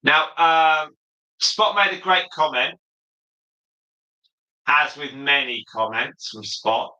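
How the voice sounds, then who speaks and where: A man hosting a relaxed livestream, chatting as he reads viewer comments aloud and answers them one by one. His voice is very bright and sharp-edged, and it rings in an echoey room. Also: a little high, takes it slowly, dull audio. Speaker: livestream host. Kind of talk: casual livestream chat.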